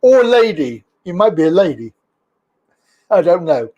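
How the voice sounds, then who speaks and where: High-voiced, unhurried host. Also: male voice, very animated, lo-fi sound, noisy background. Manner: chatty, reads viewer comments aloud, laughs often. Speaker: live-stream talk show host. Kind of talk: casual live-stream chat.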